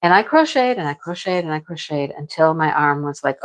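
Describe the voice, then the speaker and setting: A woman's voice: low voice, expressive, a little fast, few pauses, rough recording. A middle-aged woman chatting casually to her viewers about her crochet projects, rambling and repeating herself. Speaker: crochet vlogger.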